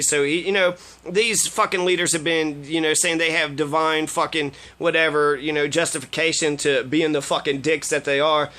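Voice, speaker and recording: Sex: man. Role: political commentator. Style: profane ranting commentary. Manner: sarcastic, swears constantly. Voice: high, bright. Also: steady tone, moderate pace. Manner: sarcastic, heavy swearing, trails off in fillers.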